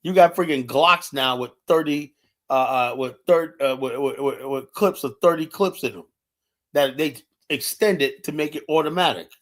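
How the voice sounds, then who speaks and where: A man's voice: on the high side, normal speed. A man streaming a heated, casual rant, blunt and profane, with constant "you know" fillers. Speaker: live streamer.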